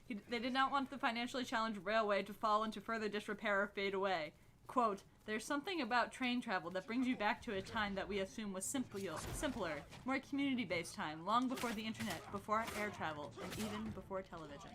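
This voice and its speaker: A woman's voice: mid-range voice, quick pace, fairly bright tone, slight background noise. Giggly rambling woman on a stream. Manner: rambling, apologetic, giggly asides. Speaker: co-host of a streamed gameplay talk. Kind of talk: casual chat on a livestream.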